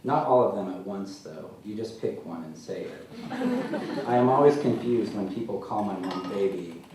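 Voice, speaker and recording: A man as an author at a live literary reading, telling his story in a dry, deadpan way, recorded from far off in a large hall. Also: on the low side, moderate pace. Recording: echoey hall, mic far off, faint noise.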